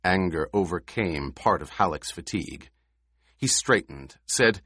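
A man reading an audiobook in slow, even scripted narration. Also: deep voice, breathy edge, no echo, studio quality.

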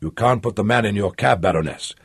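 A man doing a timid official, low and hushed. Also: huge pitch swings, moderate pace, creaky, slightly rough, dry recording, studio quality, heavily acted. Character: timid, cautious male official. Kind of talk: audiobook character voice.

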